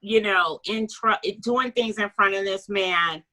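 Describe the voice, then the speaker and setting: A woman co-hosting a casual book club chat, animated and chatty, with quick asides and the odd swear. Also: mid-range voice, poor audio.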